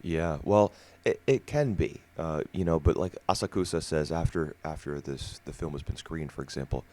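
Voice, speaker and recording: A man with a remarkably deep, low voice talks through his views at an easy pace. He co-hosts a casual podcast discussion and explains things at length in a relaxed way. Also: moderate pace, few pauses. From United States. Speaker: podcast co-host.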